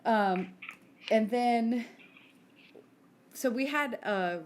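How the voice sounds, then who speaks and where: A woman in her forties co-hosts a podcast, chatting casually and telling stories full of "like" and acted-out quotes. Her voice is a little high and darkish in tone, and she speaks very slowly.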